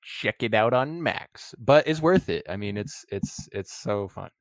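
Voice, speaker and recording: Thirties male podcast co-host, low and expressive, easygoing chat, dry close mic. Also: unhurried, dry recording. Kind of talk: casual chat.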